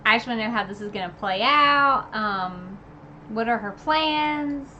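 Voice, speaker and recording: Streaming a novel recap, this female book reviewer rambles in a chatty way, peppering her talk with "like," "you know," and side remarks. Her voice sits a little high and sounds expressive, pushed, and bright, never hurried, over dull audio with slight background noise.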